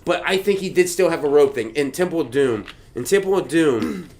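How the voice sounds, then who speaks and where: A man's voice: on the high side, expressive, brisk, a little mellow. A man hosting a podcast, telling jokes in casual, profane chat and laughing often. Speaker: podcast host.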